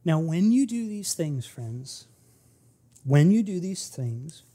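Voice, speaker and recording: A man preaching a sermon as pastor, speaking conversationally and swinging between quiet asides and loud, emphatic peaks. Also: fairly high pitch, sing-song, takes it slowly.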